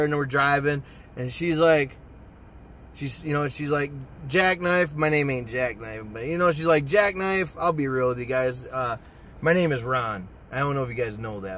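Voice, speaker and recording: A young man telling a personal story to his channel in a casual, profane, excitable way. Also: mid-range voice, a little hiss or hum. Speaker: storytime vlogger.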